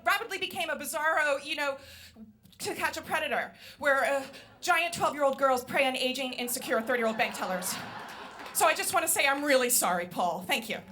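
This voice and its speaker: A woman comedian telling a funny story on stage, acting out the people in it in quiet, lower voices. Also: background noise. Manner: acts out quoted voices, drops quiet and low for them. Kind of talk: live storytelling performance.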